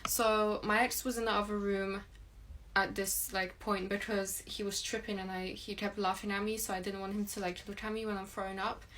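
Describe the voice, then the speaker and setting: A woman's voice: mid-range voice, flat delivery, moderate pace, a bit bright, slight background noise. A young woman telling a personal story in a casual, rambling way, filling her speech with "like". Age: young adult. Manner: chatty, rambling, heavy use of "like".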